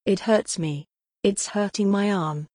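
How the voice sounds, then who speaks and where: A woman's voice: medium pitch, unhurried, a little mellow, no echo, clean studio sound, lightly acted. A woman reading the part of a haughty, possessed young woman who speaks sharply and imperiously in an audiobook.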